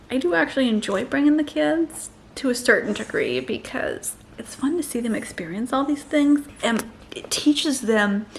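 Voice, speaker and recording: A woman's voice: a little high, vocal fry, a little hiss or hum. A woman in her thirties chatting casually to camera as a mother and vlogger, laughing often and cooing to her baby between tips.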